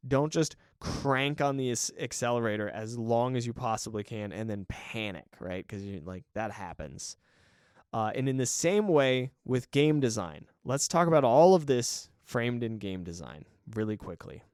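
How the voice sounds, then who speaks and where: A man's voice: mid-range voice, expressive, moderate pace, a little mellow, clear, resonant tone, no room sound, clean studio sound. A man hosting a solo podcast in a chatty, encouraging way, often correcting himself and laughing briefly. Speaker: podcast host. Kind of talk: casual solo podcast talk.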